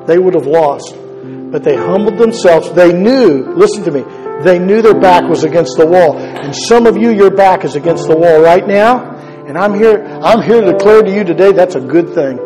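A man's voice: sits high, expressive, normal speed, big-room sound, music in the background, rough recording. A male pastor preaching an earnest, conversational sermon, repeating key phrases for emphasis. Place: church sanctuary.

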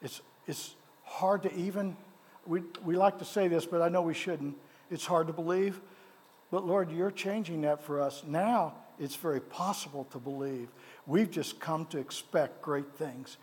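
A man's voice: fairly high pitch, measured pace, a little mellow, breathy edge. A man preaching a sermon as pastor of a church, with a fervent cadence that repeats phrases, then leading prayer. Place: church sanctuary.

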